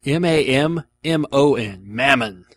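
Guy hosting a chatty show, rambly and self-deprecating, ordinary mid-pitched voice. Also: animated, unhurried. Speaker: host. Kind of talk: casual radio-style show chat.

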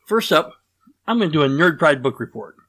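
A man's voice: a little high, animated, fast talker, fairly bright tone. A man hosting a casual podcast, rambling and self-deprecating, with lots of fillers and restarts. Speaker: podcast host.

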